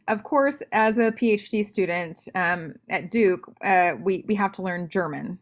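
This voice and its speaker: A young woman scholar as an interview guest on a video call, telling stories with animated asides and frequent restarts. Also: on the low side. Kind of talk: interview conversation.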